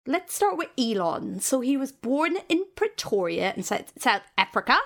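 Lively woman podcast host reading notes. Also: sits high, unhurried. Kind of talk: comedy podcast chat, reading notes aloud.

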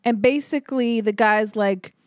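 Speaking at a moderate pace with a voice on the high side, this podcast co-host is a young adult woman. She's an animated storyteller in casual conversation, performing the quotes as she goes.

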